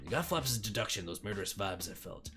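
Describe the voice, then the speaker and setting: A man voicing a gruff, hot-tempered young man who talks loudly and demandingly while reading a game aloud. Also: lowish voice, animated, brisk, soft background music, voice pushed down. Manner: loud, demanding.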